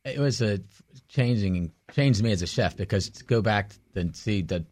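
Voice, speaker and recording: Deep-voiced mellow male chef. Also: expressive, normal speed. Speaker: chef, guest.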